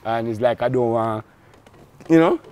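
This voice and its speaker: A man's voice: mid-range voice, moderate pace, darkish tone, smooth. A man, a guest talking earnestly in a candid conversation and repeating words as he searches for them.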